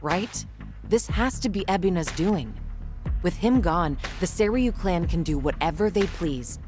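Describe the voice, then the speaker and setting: A woman voicing a brisk, level-headed character in a crime video game. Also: on the low side, expressive, music in the background. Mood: matter-of-fact.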